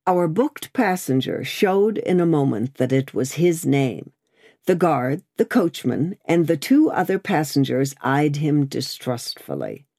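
A woman narrating an audiobook in a steady, measured reading voice. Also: sits low, no room sound, studio quality.

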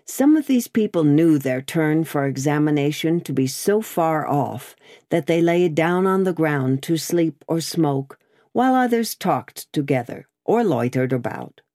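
A woman narrating a classic novel as an audiobook, in a measured storytelling manner. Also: low-pitched, expressive, warm tone, dry recording, studio quality.

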